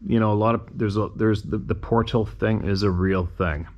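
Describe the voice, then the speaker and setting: A man's voice: lowish voice, fairly even intonation, moderate pace, a little mellow, muffled recording. A man hosting a show, reading listener emails aloud and breaking off to muse on them in a conversational way with rhetorical questions.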